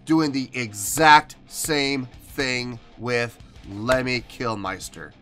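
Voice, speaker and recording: A man's voice: mid-range voice, very slow, bright, forceful tone. A man hosting a music reaction video, talking earnestly and with emotion in a casual commentary style.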